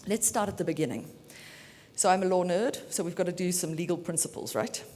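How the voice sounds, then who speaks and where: A woman from South Africa giving a brisk, chatty and self-assured talk as a media lawyer at a conference. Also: a little mellow. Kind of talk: keynote talk. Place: conference hall. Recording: reverberant hall, faint rumble.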